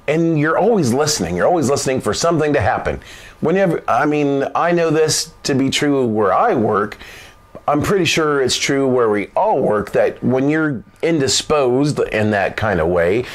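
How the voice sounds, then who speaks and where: A man hosting his own show, telling a funny story in an animated, loose way, laughing often and swearing casually. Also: mid-range voice. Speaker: vlog host. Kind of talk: comic storytelling.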